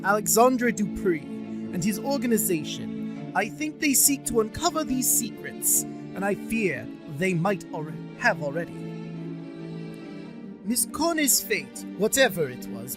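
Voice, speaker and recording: A grave middle-aged psychiatrist speaks in a put-on German accent that keeps drifting toward Russian, as a man puts him on. His warnings come slow, formal and earnest, with a pitch that rises and falls widely. Soft game music plays underneath. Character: grave middle-aged male psychiatrist, solemn mentor type.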